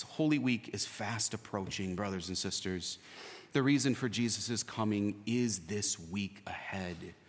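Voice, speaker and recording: A man preaching a sermon as a priest, impassioned and building to loud peaks. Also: medium pitch. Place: church. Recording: long reverb of a church hall.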